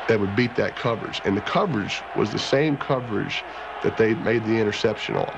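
Gravelly low-voiced man telling a game story. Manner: animated storytelling, quotes himself and teammates. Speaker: quarterback interviewed about a game. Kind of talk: reflective interview storytelling. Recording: slightly muffled with background noise.

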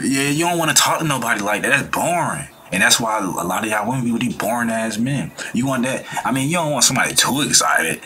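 A man chatting casually as a reaction host, loose and slangy, drifting into life lessons. His voice sits fairly low but has a sharp, bright edge, with a faint hiss behind it. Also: lively intonation, fairly quick. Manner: laid-back, slangy, preachy about life and good vibes; acts out quoted people in changed voices.

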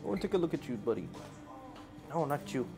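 A man vlogging in an indoor animal cafe, talking into a handheld phone and coaxing the animals in an excited, playful voice. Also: a little high, fast, gravelly, music in the background. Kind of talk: casual vlog talk. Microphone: handheld phone camera.

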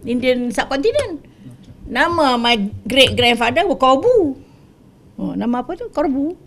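Animated Malaysian woman mixing English and Malay. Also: high-pitched, normal speed, slight background noise. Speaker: guest speaker, former MP. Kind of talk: business school talk. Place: studio.

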